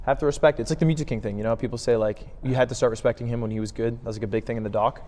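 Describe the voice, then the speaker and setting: A man's voice: medium pitch, fairly even intonation, rapid-fire, a little mellow, long reverb tail. A man co-hosting a podcast in casual chat, joking and swearing as he tells stories. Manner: joking, profane, storytelling. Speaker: podcast co-host.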